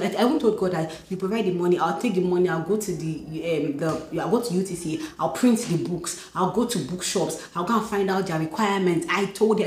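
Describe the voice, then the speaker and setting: A young Nigerian woman vlogging from home, telling stories excitedly and acting out dialogue. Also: lowish voice. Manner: excited, animated storytelling, acts out dialogue. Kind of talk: casual vlog talk. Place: home, indoors. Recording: echoey room.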